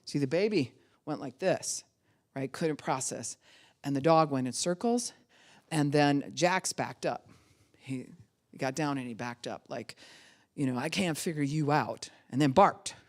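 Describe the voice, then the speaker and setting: Middle-aged woman pastor, animated sermon storytelling. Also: a bass voice, measured pace, long pauses. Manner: animated storytelling, acts out voices of babies and dogs. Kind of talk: sermon teaching.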